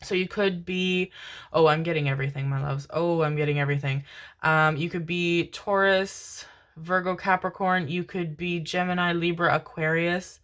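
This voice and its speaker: A woman's voice: lowish voice, fairly even intonation, normal speed, fairly bright tone. A woman giving a casual tarot reading to camera, affectionate and chatty, swearing casually and laughing often. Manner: affectionate, constantly calls viewers "my loves" and "my babies". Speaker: tarot card reader.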